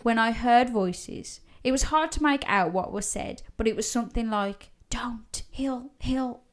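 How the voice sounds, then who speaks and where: A woman's voice: fairly high pitch, lively intonation, normal speed. A woman co-hosting a podcast, casually reading out listeners' ghost stories with laughs and the odd swear word. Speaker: podcast co-host. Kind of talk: casual storytelling chat.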